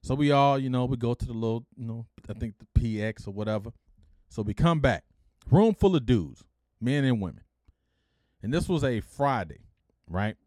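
A man's voice: mid-range voice, animated, normal speed, mellow, no echo. A middle-aged man from Detroit hosting a podcast, telling a story casually and with energy, acting out the people he quotes and adding blunt slangy asides. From Detroit, USA. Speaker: podcast host.

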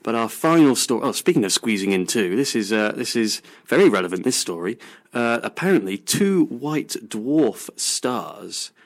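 A man's voice: mid-range voice, very animated, normal speed. A man hosting a local radio science show, chatting casually through news stories with lots of ums and restarts. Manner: rambling with many fillers and restarts.

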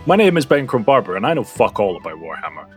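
A man's voice: on the low side, very animated, fast, darkish tone, husky, faint music behind. A man hosting a casual podcast chat, laughing often and joking with his co-hosts. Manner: laughs often, jokey and laid back. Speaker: podcast host.

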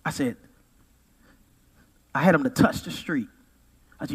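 A pastor in his forties preaching a sermon, swinging from loud peaks to quiet asides. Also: fairly high pitch, unhurried, long pauses, slightly rough. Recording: reverberant hall.

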